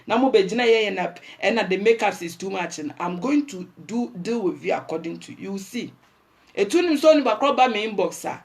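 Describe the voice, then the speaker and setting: A woman's voice: mid-range voice, animated, fairly quick, darkish tone. A woman with a Ghanaian accent, hosting a livestream and delivering a blunt, preachy rant that scolds her viewers. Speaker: livestream host.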